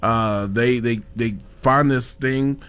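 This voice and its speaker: A man's voice: mid-range voice, fairly even intonation, takes it slowly, a bit bright, smooth. A man hosting a casual talk show, reading a sponsor spot and rambling with lots of fillers and chuckles. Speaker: show host. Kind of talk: casual chat with a sponsor read.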